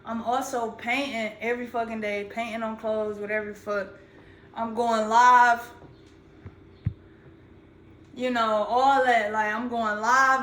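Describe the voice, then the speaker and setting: A woman's voice: fairly high pitch, pushed and bright, slight background noise. A young adult woman, a content creator, talking straight to her phone in a rambling, profane, slang-heavy vlog monologue. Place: indoors, standing while talking. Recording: echoey room.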